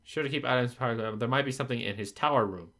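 In this gameplay commentary, a man who makes gaming videos talks to himself while he plays, cursing in frustration. He speaks fast at a medium pitch, with a slightly bright sound.

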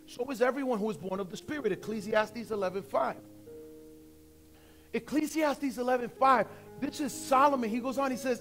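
A man in his forties preaching a sermon as pastor, conversational and emphatic, slowing down to stress points. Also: very high voice, fairly bright tone, faint music behind. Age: 40s.

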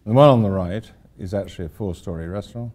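In a university lecture hall, an older man rambles through a casual architecture talk for students, dropping in dry jokes at his own expense. He speaks quickly in a deep, slightly mellow voice, with a little background noise audible.

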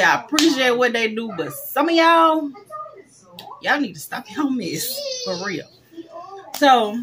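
A young adult woman vlogging in a casual chat straight to her viewers, expressive and swinging between excitement and a lower, drained tone.

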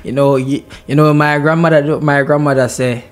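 A man's voice: a little high, fairly quick. Man, Jamaican accent, comedian guest, playful, casual chat. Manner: playful, jokey, swings between loud lively bursts and quiet mutters. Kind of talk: casual radio interview chat.

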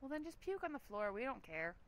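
A woman's voice: a little high, very animated, brisk. A woman hosting a let's play, giving chatty, giggly gameplay commentary with a lot of "like".

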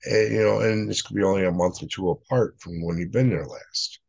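A male paranormal investigator co-hosting a casual interview, plain-spoken and relaxed. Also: low voice, a little fast, creaky, husky, highs cut off. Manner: relaxed, plain-spoken, fillers like "you know".

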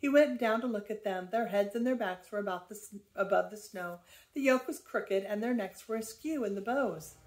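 An older woman, a grandmother, reading a children's book aloud in a lively, expressive way. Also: medium pitch, normal speed.

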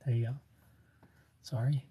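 A man's voice: medium pitch, fairly even intonation, unhurried, dark tone, breathy edge, no echo. A tired man live streaming from an airport on his phone, rambling casually as he answers chat and thanks new followers. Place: airport terminal.

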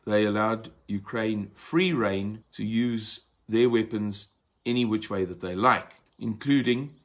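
A man with a South African accent hosting a weekly news review, talking deliberately and opinionatedly, pausing to explain words. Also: fairly low pitch. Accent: South African English. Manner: deliberate, opinionated, pauses to define terms. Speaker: news commentary host.

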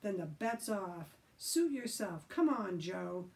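A woman voicing Alan, a pushy, scheming boy who talks in an impatient, high, loud way. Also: expressive, slow. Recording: voice from a distant mic.

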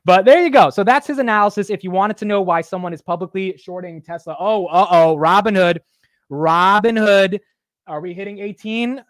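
A man hosting a live market-close stream, excitable and exclamatory, swearing as prices move. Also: high-pitched, fast talker, hardly any pauses, no room sound. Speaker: host.

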